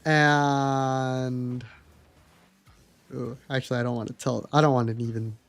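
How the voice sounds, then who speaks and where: A man's voice: medium pitch, little pitch movement, unhurried, gravelly. A young man streaming live, telling stories from his life in a chatty, candid way and swearing freely. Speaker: livestreamer. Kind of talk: casual storytelling to a live chat.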